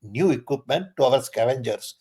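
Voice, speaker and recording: An older man speaking as a guest in a relaxed question-and-answer session. He sounds insistent and emphatic, with his voice leaping up to drive each point home. His pitch sits in an ordinary middle range. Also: normal speed, slightly rough. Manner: emphatic, insistent, sudden rises in pitch for stress. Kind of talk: conversational Q&A.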